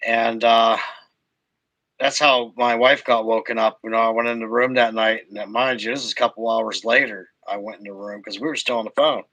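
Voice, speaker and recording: A man hosting a casual livestream recap, telling his story slowly with halting restarts. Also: mid-range voice, fairly even intonation, sharp tone, dry recording, lo-fi sound. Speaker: host.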